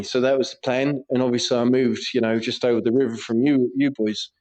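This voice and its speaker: A man's voice: mid-range voice, steady tone, a little fast, few pauses, a little mellow, low-quality recording. A young man, a podcast co-host, telling a sweary anecdote in casual banter.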